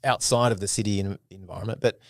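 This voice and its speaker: A man hosting a podcast interview, speaking hesitantly with many pauses and restarts. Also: fairly low pitch, creaky, dry recording, clean studio sound. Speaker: podcast host.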